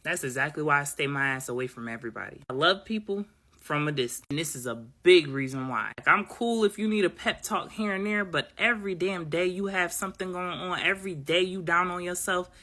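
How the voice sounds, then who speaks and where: Blunt, sassy woman with a low, bright voice. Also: fairly quick. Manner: blunt, sassy, acts out dialogue in high voices. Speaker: commentator. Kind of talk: casual motivational talk to camera.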